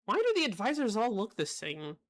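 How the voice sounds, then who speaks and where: A young woman giving live gameplay commentary, dry and sarcastic in her asides. Her mid-pitched voice swings widely up and down, often jumping high when she questions things. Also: huge pitch swings, a little fast. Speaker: game streamer.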